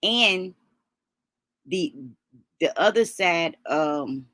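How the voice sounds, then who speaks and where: A woman hosting a livestream, talking haltingly through grief with many pauses and restarts, sniffling as she holds back tears. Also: lowish voice, lively intonation, fairly bright tone, dry recording. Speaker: livestream host. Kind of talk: emotional livestream talk.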